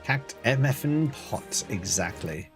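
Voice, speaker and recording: A man's voice: medium pitch, animated, slow, faint music behind. A man streaming a video game, chatting casually, reading out and answering chat with playful asides. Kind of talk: casual live-stream chat while gaming.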